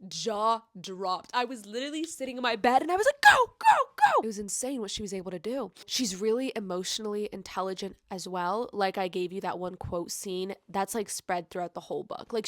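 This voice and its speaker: A woman reviews a book in a casual vlog, gushing and effusive and leaning on "like" constantly. Her mid-pitched voice drops to a hush and then jumps to loud, excited bursts. The sound is close and dry. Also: no echo. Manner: gushing, effusive, heavy use of filler "like". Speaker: book vlogger.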